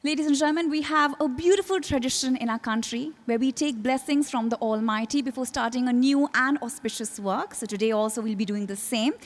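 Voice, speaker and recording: A woman's voice: high voice, brisk, hardly any pauses. A woman hosting a formal listing ceremony as emcee, welcoming dignitaries in a polished, announcing manner. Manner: polished, announcing names with rising emphasis. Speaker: event emcee.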